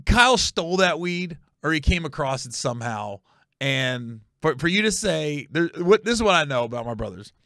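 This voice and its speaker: Animated, emphatic man telling a story. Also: on the high side, dry recording, studio quality. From Ohio, USA. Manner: animated and emphatic, with quick asides and self-corrections. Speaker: podcast host and comedian. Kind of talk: comedic storytelling podcast.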